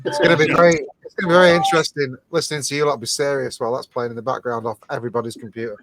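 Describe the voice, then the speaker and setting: A man's voice: medium pitch, fairly even intonation, rapid-fire, a bit bright. A man co-hosting a live show, teasing the others and swearing as he laughs through casual banter. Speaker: podcast co-host.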